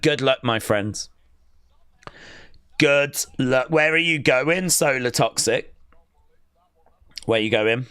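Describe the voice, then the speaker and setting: A man hosting a live watch-along stream, chatting casually, reading out viewer comments and calling the action with sudden excitement. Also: medium pitch, slow pace, pauses often, smooth, no echo, studio quality. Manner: excitable, chatty, reads chat aloud.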